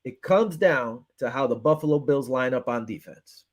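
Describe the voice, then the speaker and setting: A man's voice: mid-range voice, normal speed. A man hosting a casual sports talk show, fired up and frustrated, acting out his own phone calls as he breaks down a game. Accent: Western New York. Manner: animated, retells with quoted back-and-forth, frustrated ranting.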